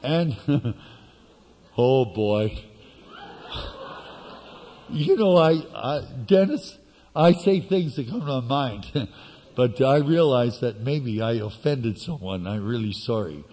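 A man preaching a sermon, telling a personal story with sudden shifts between loud outbursts and hushed asides. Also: medium pitch, lively intonation, slow pace, pauses often, long reverb tail, slight background noise.

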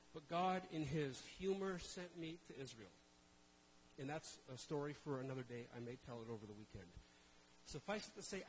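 A Canadian man preaching a sermon, joking and telling stories in an animated way. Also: on the high side, slight background noise, poor audio. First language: Portuguese. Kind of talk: humorous sermon.

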